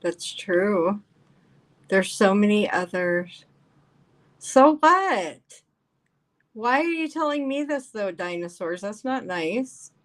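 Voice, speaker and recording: A woman's voice: medium pitch, lively intonation, takes it slowly. A woman hosting a casual live stream, reading viewer comments aloud and reacting to them in a chatty, emphatic way, her voice getting worn.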